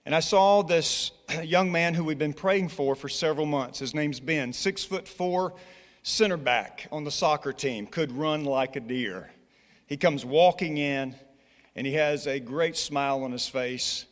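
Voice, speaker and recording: A man with a Scottish accent, who directs church relations for a college, speaks in a church sanctuary with a fairly high pitch and a slightly slow pace. He earnestly urges the congregation and shares personal stories, frequently restarting his sentences, while long reverb fills the large hall.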